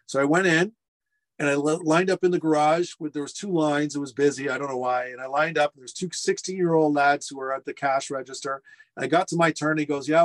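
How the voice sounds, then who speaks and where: A middle-aged man, a restaurateur guest, telling lively anecdotes on a video call from his home furnace room and acting out the quotes. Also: a little high. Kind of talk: casual storytelling interview.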